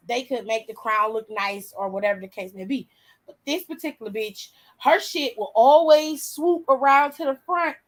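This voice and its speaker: A woman in her forties, host, telling a story in casual chat, animated and profane, laughing often. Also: a little high, poor audio.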